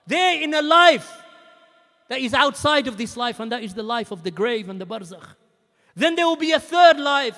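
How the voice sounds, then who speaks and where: A man preaching a sermon, emphatic and repetitive, at times rising to shouts. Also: very high voice, big-room sound.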